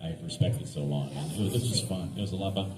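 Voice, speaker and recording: A man's voice: sits low, very fast, distant mic. A male actor telling anecdotes on a fan convention panel, chatty and self-deprecating, often restarting his sentences. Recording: echoey panel room with background noise.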